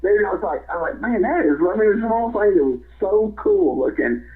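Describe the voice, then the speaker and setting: A man's voice: sits high, lively intonation, brisk. A man, a former wrestler and guest, telling rambling stories and laughing often, over a phone line. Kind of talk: casual storytelling.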